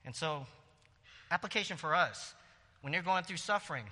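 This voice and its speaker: A man preaching a sermon in a lively, conversational way, with quick asides and laughter. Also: a little high, in a large hall. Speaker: pastor.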